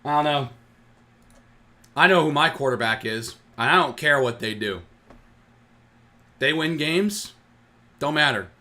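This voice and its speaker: A man's voice: a little high, lively intonation, measured pace, long pauses, pushed and bright. A man hosting a sports fan channel, ranting with heat and sarcasm, often tripping over his words. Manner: heated, sarcastic, stumbling restarts.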